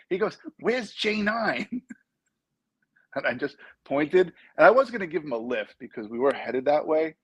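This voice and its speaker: A man's voice: on the high side, sing-song, normal speed, long pauses, breathy edge, no room sound, muffled recording. A middle-aged man calling in as a guest, joking and laughing as he tells a story. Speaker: guest caller. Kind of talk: casual chat on a video call.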